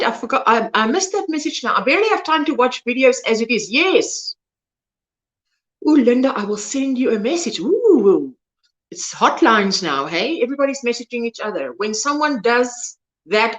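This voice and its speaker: This South African woman, whose native language is Afrikaans, hosts a crochet livestream, chatting and rambling casually as she reads viewer comments and losing words mid-sentence. Her voice is a little high with a fairly bright tone.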